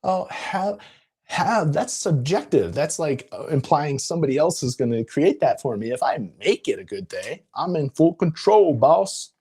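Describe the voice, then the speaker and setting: Husky man telling an animated story. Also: on the high side, moderate pace. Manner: animated, laughing, jumps into quoted voices. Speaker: coach. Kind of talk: casual storytelling on a live video. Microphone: live-stream setup.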